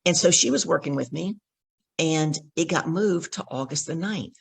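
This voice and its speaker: A middle-aged woman, a guest on a podcast, telling an animated story and acting out the dialogue in it. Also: deep voice, normal speed, creaky, husky. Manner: acts out the dialogue in her stories. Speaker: podcast guest, professional speaker.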